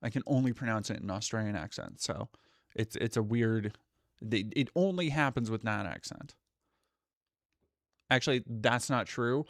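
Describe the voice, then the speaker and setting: A man's voice: mid-range voice, normal speed, pauses often, a bit bright, no echo, studio quality. A man streaming live, chatting casually and profanely while reading out viewer comments. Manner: rambling, profane, reads chat aloud. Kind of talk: casual livestream chat.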